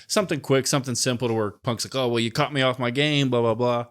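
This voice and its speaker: A man's voice: mid-range voice, fairly even intonation, fast talker, clean tone. A man co-hosting a podcast, casually giving his opinions and thinking aloud with frequent hedges. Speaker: podcast co-host. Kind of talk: casual wrestling opinion chat.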